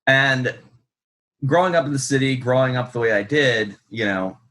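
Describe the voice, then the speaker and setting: A man's voice: medium pitch, normal speed, fairly bright tone. A man, a guest author telling stories in a rambling, profane, self-deprecating way full of ums. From United States. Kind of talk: casual storytelling in an interview.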